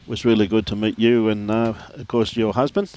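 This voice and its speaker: Commentating on lawn bowls outdoors, an Australian man keeps up a chatty stream of live play-by-play and casual conversation, laughing and greeting viewers by name. His voice is fairly low and a little mellow, with a flat, fairly quick delivery.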